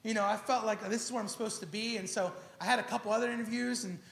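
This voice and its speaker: A man preaching a sermon, telling a personal story in an animated, casual way full of slang and acted-out dialogue. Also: sits high, fast, creaky. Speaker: pastor. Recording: echoey church hall.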